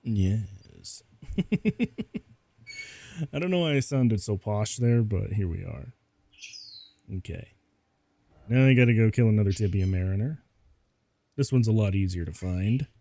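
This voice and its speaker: A man's voice: on the low side, animated, moderate pace, vocal fry, pauses often, mellow, dry recording. A man giving casual gameplay commentary as a VTuber, rambling and laughing often at himself.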